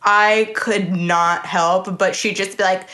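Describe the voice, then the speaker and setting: Woman, casual podcast chat, animated, laughs often, home recording. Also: medium pitch, slow. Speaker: podcast co-host. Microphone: home setup, set up far from the mic.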